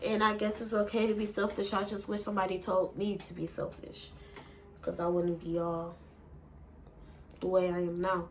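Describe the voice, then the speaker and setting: A young woman telling an emotional story in a halting way, full of fillers and swearing, and fighting back tears. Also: on the low side, level tone, slight background noise. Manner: halting, with many fillers and profanity. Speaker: vlogger.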